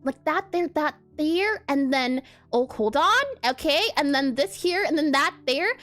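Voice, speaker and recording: A young woman streaming a drawing lesson, chatty and giggly, talking in rapid bursts. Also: high-pitched, animated, fairly bright tone. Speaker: art streamer. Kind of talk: casual live-stream teaching.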